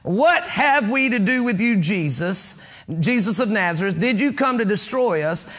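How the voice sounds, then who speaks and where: A man preaching with a high, ringing voice and a sharp, forceful edge. He reads a verse, pauses to unpack it, then drives his point home until he is nearly shouting. Fervent pulpit delivery. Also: animated. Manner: reads scripture aloud and stops to explain it. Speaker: pastor. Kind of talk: sermon.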